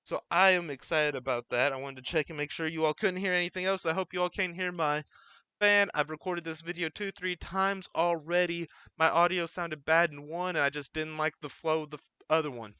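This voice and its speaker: A man hosts his own channel, talking in a loose, rambling way and often correcting himself. His voice is bright and smooth. The recording is dry and a little dull, made on a desk mic at home. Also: on the high side, a little fast, no echo. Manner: rambling, self-correcting, relaxed. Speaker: channel host. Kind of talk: casual solo vlog chat. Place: home room with a fan running.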